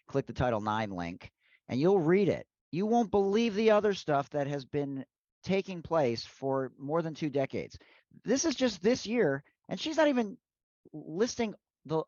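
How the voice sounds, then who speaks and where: A man's voice: medium pitch, a little mellow, no room sound. A man hosting a podcast interview, urging listeners on in an emphatic way. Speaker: podcast host. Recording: dull, dry lo-fi recording.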